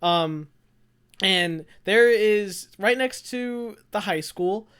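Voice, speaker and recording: A young adult podcast co-host telling a rambling, animated story in casual chat, often laughing. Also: medium pitch, extremely slow, smooth.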